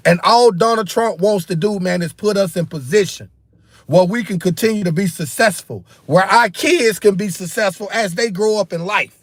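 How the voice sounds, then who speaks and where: A man with a high-pitched voice hosts a political commentary livestream, speaking at a moderate pace in a dry recording. He rants heatedly, repeats himself, and keeps addressing viewers as "bro" and "man."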